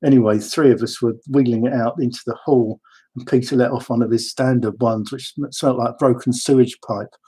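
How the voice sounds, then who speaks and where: A man tells rambling personal stories with wry asides. His voice is mellow and soft-edged, a little husky. He speaks at a middling pitch. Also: fairly even intonation, a little fast. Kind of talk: casual personal storytelling.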